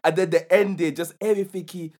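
A man's voice: high-pitched, steady tone, quick pace, darkish tone. A young man, co-hosting a podcast in casual chat and laughing often. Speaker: podcast co-host.

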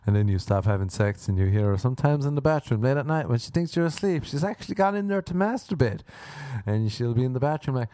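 A man's voice: mid-range voice, fast, mellow, no room sound, clean studio sound. An Irish man hosting a podcast, rambling through a crude comedic monologue and slipping into silly voices. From Ireland. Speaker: podcast host. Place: living in Los Angeles.

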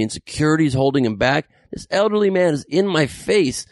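A man's voice: fairly high pitch, a little fast, hardly any pauses, no room sound. A man, a comedian, telling a story casually and acting out the voices of the people in it. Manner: animated, acts out quoted voices.

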